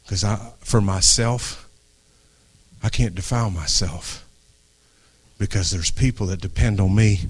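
A middle-aged man preaching an impassioned sermon to a congregation, dropping to a hush and then rising, often restarting phrases. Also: deep voice, husky. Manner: earnest, swings from hushed to raised, restarts phrases. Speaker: pastor. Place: church before a congregation.

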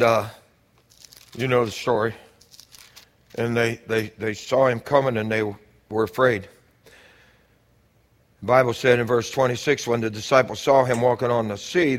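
A man preaching a sermon, moving from calm scripture reading to loud, shouted exhortation, repeating phrases for emphasis. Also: mid-range voice. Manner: swings from quiet teaching to loud shouted exhortation.

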